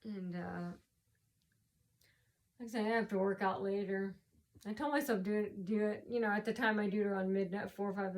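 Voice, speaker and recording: This tired vlogger, running on too little sleep, rambles through an account of a run-in she had, full of fillers, false starts and phrases said twice. She speaks in a steady mid-range voice at a brisk clip, pausing often.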